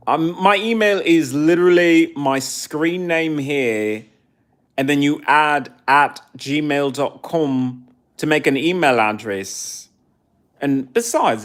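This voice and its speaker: A man in his forties with an English accent, talking on a live stream and answering chat comments in a snarky, haughty way. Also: medium pitch. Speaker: livestreamer.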